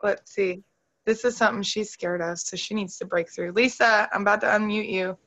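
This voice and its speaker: A woman's voice: mid-range voice, steady tone, moderate pace, fairly bright tone, poor audio. A woman hosting a motivational video call, upbeat and emotional as she talks straight to her group.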